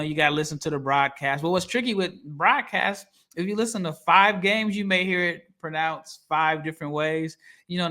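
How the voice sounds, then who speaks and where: A man's voice: fairly high pitch, bright, forceful tone. A man co-hosting a basketball draft podcast, talking casually and animatedly, laughing often and acting out quotes from others. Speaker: podcast co-host, draft analyst. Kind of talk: casual sports podcast talk.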